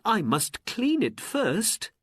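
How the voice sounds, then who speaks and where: A poor, caring mother frets in raised, anxious exclamations. A storyteller puts her on for a storybook reading. The voice is breathy and dry. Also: medium pitch, sing-song, slow, no echo, voice pushed up, exaggerated voice. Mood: worried.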